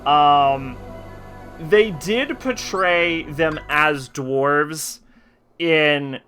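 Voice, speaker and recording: A man's voice: on the high side, extremely slow, bright, forceful tone, faint music behind. A man streaming a video game, chatting casually and rambling, with lots of fillers and swearing. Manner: rambling and profane, heavy with fillers. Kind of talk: casual live-stream chat.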